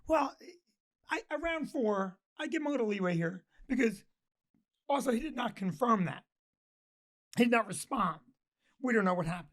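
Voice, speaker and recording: A man's voice: very high-pitched, animated, moderate pace, long pauses, a bit bright. An older man co-hosting a casual talk show, telling stories in a blunt, joking way. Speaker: co-host. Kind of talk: casual chat.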